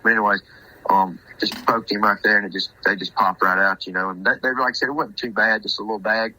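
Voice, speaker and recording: A man's voice: lowish voice, steady tone, fast talker, bright, forceful tone, no echo, rough recording. A man, a podcast guest telling a hunting story in a rambling way, often repeating and restarting himself. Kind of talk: casual storytelling.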